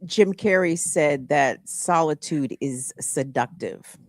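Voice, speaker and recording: A woman's voice: low voice, takes it slowly, darkish tone, dry recording, studio quality. A woman co-hosting a morning talk show, joking in a playful, blunt, salty way. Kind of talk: casual radio banter.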